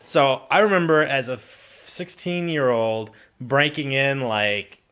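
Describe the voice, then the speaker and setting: A man's voice: medium pitch, a little slow, clear, resonant tone. Profane, rambling storyteller man. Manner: rambling, profane, animated anecdotes. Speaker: channel host. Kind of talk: casual storytelling to camera.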